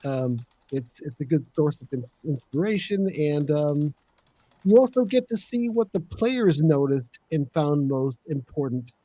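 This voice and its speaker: A man's voice: on the high side, animated, a little slow, dark tone, breathy edge, dry recording. A man on a game master panel, explaining his tip methodically with many hesitations. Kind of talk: casual panel chat.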